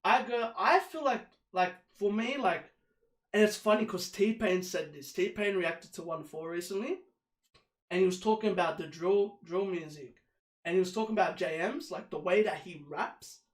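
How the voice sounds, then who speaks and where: A man with a high voice talks quickly and animatedly, slipping into other people's voices as he tells stories. He grew up in South America with Spanish as his first language. The room gives his voice a noticeable echo. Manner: fast, animated storytelling with quoted dialogue. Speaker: host. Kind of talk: casual chat.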